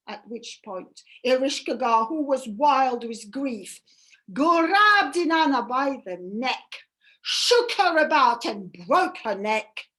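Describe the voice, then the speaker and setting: A woman storyteller telling a myth aloud at a workshop, dramatic, moving between hushed and loud. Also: on the high side.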